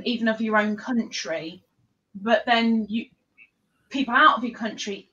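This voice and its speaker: Excitable fast-talking woman streamer. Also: on the high side, highs cut off. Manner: rapid, excitable, talks over others. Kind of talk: casual live-stream chat. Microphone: computer mic.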